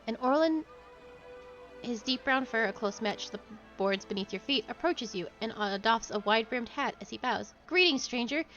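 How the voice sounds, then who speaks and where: Brief: young woman game streamer, fairly high voice, reads story text aloud, soft music underneath. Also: moderate pace, lo-fi sound. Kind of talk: casual gameplay narration.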